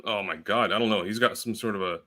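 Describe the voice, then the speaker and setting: Man, podcast guest, low pitch, bright forceful tone, rambling and blunt. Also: fast talker. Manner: rambling, filler-heavy, blunt. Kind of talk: casual chat.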